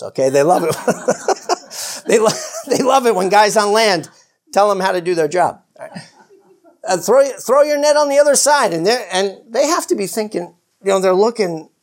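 Lively, chuckling man retelling a Bible story. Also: sits high. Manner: animated storytelling, acts out the characters, chuckles often; rambling with many restarts and "you know". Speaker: Bible teacher. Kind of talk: casual Bible teaching.

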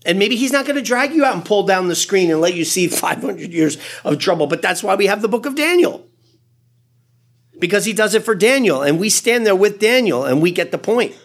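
Animated husky male preacher. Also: sits high, fairly quick. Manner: animated, conversational preaching with frequent asides. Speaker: pastor. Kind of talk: sermon.

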